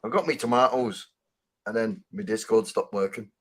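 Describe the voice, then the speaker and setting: A man's voice: fairly low pitch, moderate pace, husky. Chatty man telling an anecdote. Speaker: chat participant. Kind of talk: casual voice chat.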